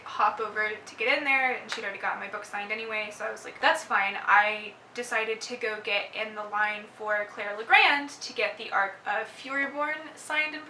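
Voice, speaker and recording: Young Texan woman, gushing chatty storyteller, higher voice; roomy, distant sound. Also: sharp tone, slight background noise. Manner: gushing, lots of "like" and laughs. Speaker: book vlogger. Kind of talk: casual storytelling recap.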